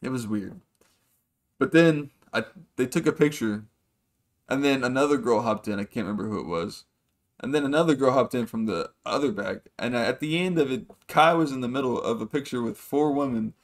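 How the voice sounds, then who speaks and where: A man's voice: mid-range voice, moderate pace. Man, podcast host, casual rambling story, profane, acts out quotes.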